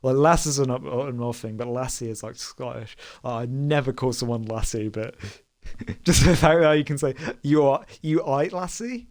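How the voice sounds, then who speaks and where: A man's voice: mid-range voice, normal speed. A young man streamer chatting casually while gaming, rambling with lots of fillers and frequent laughter. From Britain. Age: young adult. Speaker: game streamer.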